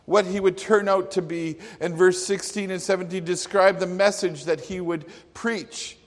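A man preaching a sermon in an earnest, emphatic manner. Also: a little high. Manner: earnest, emphatic, with acted quotes. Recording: long hall reverb.

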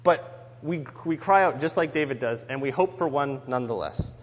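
A man's voice: mid-range voice, moderate pace. Earnest man preaching in a reverberant hall. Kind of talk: sermon on a psalm.

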